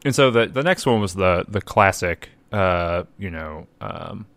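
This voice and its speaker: A man co-hosting a casual podcast chat, telling a story in an animated way with joking asides. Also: low-pitched, measured pace, no echo. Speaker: podcast co-host.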